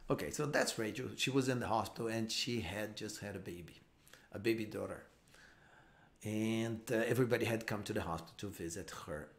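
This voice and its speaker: Man teaching English slowly. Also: lowish voice, gravelly. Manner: explains slowly with repeats and restarts. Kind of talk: live online lesson.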